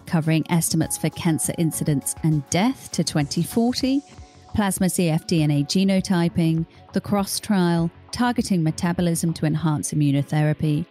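An Australian woman delivers a scripted podcast introduction with a smooth, read-aloud delivery. Her voice sits a little low, with faint music playing behind her. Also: mellow. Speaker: podcast producer and presenter.

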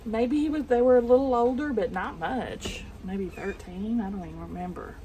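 Southern woman sewing vlogger, mid-pitched, chatty storyteller, faint noise. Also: moderate pace. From Arkansas. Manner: chatty, meandering, soft-spoken asides. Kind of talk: casual storytelling while sewing. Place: home sewing room.

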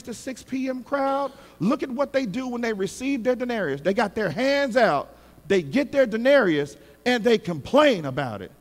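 Male pastor mid-sermon, preaching with great passion, very animated pitch, hall echo behind him. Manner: impassioned preaching, swinging from shouts to hushed tones; calls on the congregation to respond. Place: church sanctuary.

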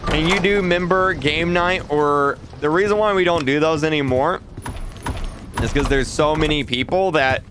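A man's voice: on the high side, moderate pace, background noise. A young man with an Australian accent, chatting casually on a gaming stream while he reads out messages from chat. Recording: game music under the voice.

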